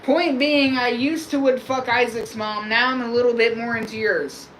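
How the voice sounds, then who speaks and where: A man's voice: very high voice, fairly even intonation, normal speed, fairly bright tone, slight background noise, low-quality recording. Rambling, crude male streamer. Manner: rambling, crude, laid-back. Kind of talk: casual live-stream chat.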